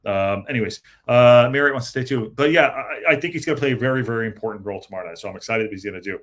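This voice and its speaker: A man's voice: mid-range voice, racing, fairly bright tone. A man hosting a casual live-stream podcast, reading the chat aloud and rambling with lots of fillers and restarts. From United States.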